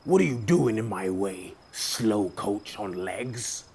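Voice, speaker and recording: A man voicing a big, grumpy and boastful male bear in a storybook, speaking slowly and rudely. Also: fairly low pitch, expressive, gravelly, a little mellow, breathy edge, heavily acted. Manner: slow, moaning and rude.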